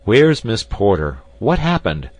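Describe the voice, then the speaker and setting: A man playing an urgent, commanding young gentleman. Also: lowish voice, very animated, unhurried, voice pushed up. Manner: raised, urgent calling.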